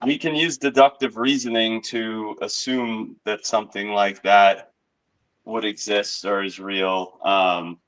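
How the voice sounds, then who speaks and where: A man in a casual group discussion who sounds skeptical and halting. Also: fairly low pitch, fairly even intonation, a bit bright, rough recording.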